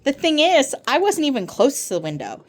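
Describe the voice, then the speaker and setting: An excitable schoolboy tumbles through his story in a rambling, eager rush, as a woman reads him aloud. His voice swings up and down with lively ups and downs. It is a storybook reading. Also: high voice, brisk, faint music behind, voice pushed up.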